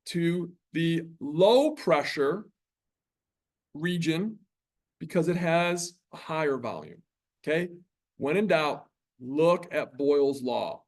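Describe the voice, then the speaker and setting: Chatty lecturing man, slightly high voice. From New York. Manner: conversational, chatty, with frequent tag questions. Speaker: college biology lecturer. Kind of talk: classroom lecture. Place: classroom.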